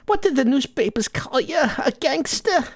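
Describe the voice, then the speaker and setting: A man voicing an old mother of a gangster who is pious, tearful and scolding, in a high, quavering voice. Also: expressive, normal speed, dry recording, clean studio sound. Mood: reproachful.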